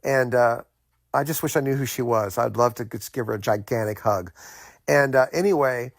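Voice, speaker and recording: A man's voice: mid-range voice, normal speed, no room sound. A middle-aged man from the United States telling a personal story in a casual, rambling way, with many fillers and restarts.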